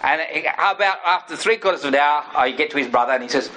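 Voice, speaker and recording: A man's voice: a little high, fast, pushed and bright, low-quality recording. A middle-aged man and former missionary giving an earnest teaching sermon, often checking in with "right?" and acting out quoted prayers and speech. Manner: earnest, repeats points with "right?".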